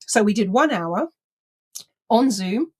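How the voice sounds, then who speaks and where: Woman telling a lively story. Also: fairly high pitch, slow pace, slightly rough. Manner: lively storyteller who acts out quoted people; says "I says" and "blah, blah" in casual speech. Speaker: photo reading trainer. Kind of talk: anecdotal storytelling talk.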